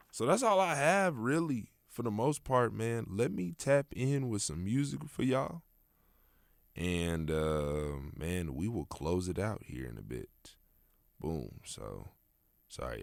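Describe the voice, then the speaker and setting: A man's voice: sits low, expressive, takes it slowly, vocal fry, no room sound, studio quality. A young man hosting a casual solo podcast, rambling in a laid-back, slangy way with plenty of fillers. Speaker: podcast host.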